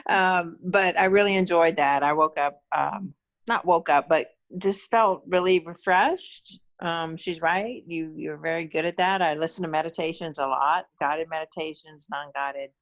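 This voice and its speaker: A calm woman dials into a group call on her phone. Her voice sits a little low, and she pauses as she looks for the right words. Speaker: meditation group member.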